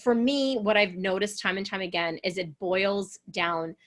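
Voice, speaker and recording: A woman's voice: medium pitch, steady tone, a little slow, a bit bright. A woman relationship coach leading an online coaching session, earnest and encouraging, sometimes acting out the voices of people she describes.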